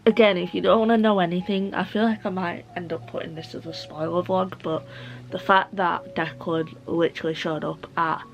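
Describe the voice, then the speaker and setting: Young woman vlogger gushing about a book, lots of "like", some gravelly fry. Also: fairly low pitch, poor audio. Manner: gushing, excitable, heavy use of "like". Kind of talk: casual reading vlog chat.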